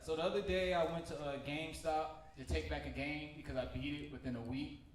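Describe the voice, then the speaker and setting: A man's voice: a little high, steady tone, heavy background noise. Slangy young male stand-up comic. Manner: casual, slangy storytelling with quick voice switches. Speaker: stand-up comedian. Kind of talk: stand-up comedy set. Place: theater stage. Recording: echoey theater from far off. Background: audience and room ambience.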